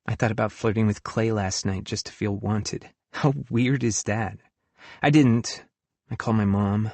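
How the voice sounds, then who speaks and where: A man's voice: fairly low pitch, steady tone, unhurried, darkish tone, no echo. A man voicing an earnest, hurt young woman who works as a camp counselor, in an audiobook. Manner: earnest, hurt, talks frankly about her feelings. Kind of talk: audiobook dialogue reading.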